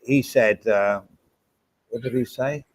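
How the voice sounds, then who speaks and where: A man hosts a casual vlog, chatting to camera and rambling along with wry asides. His voice is medium in pitch and slow-paced, and the audio swaps between microphones.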